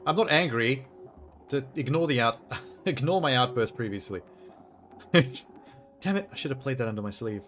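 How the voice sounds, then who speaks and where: Excitable swearing man streaming a game. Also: mid-range voice, normal speed, pauses often, slight background noise. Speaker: streamer playing a video game. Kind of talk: live gameplay commentary.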